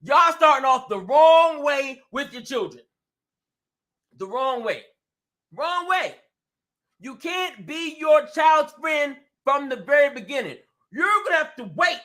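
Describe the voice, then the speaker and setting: A man's voice: very high voice, expressive, slow, sharp tone. A man hosting a talk stream, ranting in an emphatic, repetitive way. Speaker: host. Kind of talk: ranting commentary.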